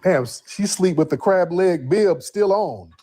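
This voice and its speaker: A man's voice: high-pitched, unhurried, dark tone. A man hosting a call-in livestream, talking bluntly and mocking his callers. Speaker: livestream host. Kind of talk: livestream commentary.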